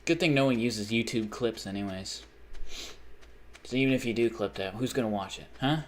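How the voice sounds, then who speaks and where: Young male streamer, mid-pitched voice, loose, profane chat-reading delivery over faint background hum. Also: normal speed. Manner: rambling, swears often, reads chat aloud. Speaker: livestreamer. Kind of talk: casual live-stream chat.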